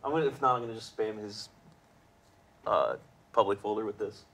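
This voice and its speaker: A man's voice: lowish voice, fairly quick, fairly bright tone. A man hosting a weekly live show in a casual, jokey way, laughing often between his remarks. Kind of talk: casual livestream chat.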